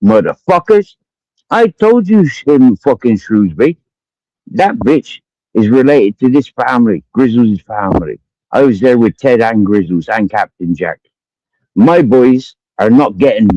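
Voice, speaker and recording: Cumbrian man, accusatory profane rant, dark voice, dull lo-fi stream audio. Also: medium pitch, lively intonation, measured pace, no room sound. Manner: accusatory, swearing constantly, repeats himself. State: drinking during the stream. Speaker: livestreamer.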